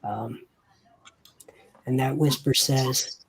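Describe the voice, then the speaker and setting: A game master narrating a tabletop game, slow and searching for words with many fillers. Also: mid-range voice, steady tone, vocal fry, breathy edge.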